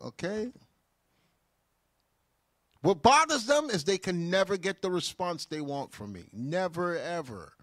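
A man with a somewhat high, very lively voice, speaking as a deacon who answers viewer comments on a livestream. He talks emphatically and turns fervent when a point stirs him. The sound is dry and close, with no room echo. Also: measured pace, long pauses. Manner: emphatic, rising to fervent bursts when stirred. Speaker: deacon answering live chat.

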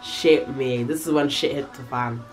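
A young woman telling a casual, slangy storytime, animated and full of swearing. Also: rumbling low, normal speed, faint music behind. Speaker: vlogger.

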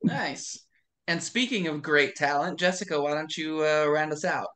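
Brief: upbeat, teasing moderator on a video call, mid-pitched, casual. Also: normal speed, fairly bright tone. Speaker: moderator of cast Q&A.

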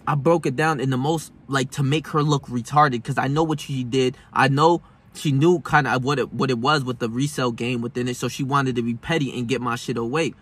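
A man's voice: medium pitch, fairly even intonation, brisk, a bit bright, husky. A young man vlogging a personal story in casual, profane street slang, shifting between heated and subdued. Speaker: self-help vlogger.

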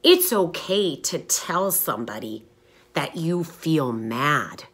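A woman teaching young children through short stories, asking them questions and pausing for their answers. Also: sits low, big pitch swings, a bit bright, slightly rough. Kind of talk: storytelling lesson for young children.

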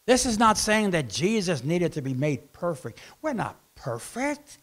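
High, gravelly-voiced preaching man. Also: sing-song, measured pace, hardly any pauses. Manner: preaching with sudden swings between loud outbursts and hushed asides; acts out voices in quoted dialogue. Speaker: pastor. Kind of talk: sermon. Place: church.

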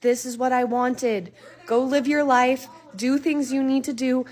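A woman quoting a calm, reassuring young man from a dream, gently insistent. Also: mid-range voice, moderate pace, natural voice.

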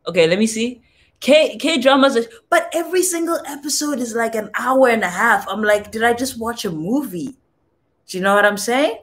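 A young woman from Southern Africa chats casually on a livestream. She reads her viewers' comments aloud and tries out phrases from other languages. Her voice sits at an ordinary middle pitch. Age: young adult. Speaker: livestream host.

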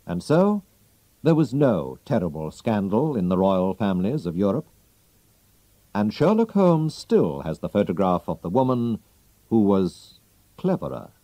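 A man narrating a classic story slowly and clearly as a reading for English learners. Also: on the low side, no echo, poor audio. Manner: clear, slow, expressive reading. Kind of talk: slow scripted storybook narration.

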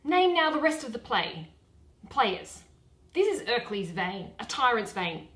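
A woman's voice: a little high, sing-song, a little slow, a bit bright, reverberant, full character voice, low-quality recording. A woman voicing a boastful, eager male weaver who declaims every line grandly.

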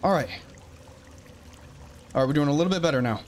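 Speaking a little fast in a voice on the high side, a gaming channel host records let's play commentary of a survival horror game. He startles often, with frightened outbursts and mutters to himself. The clip has slight background noise.

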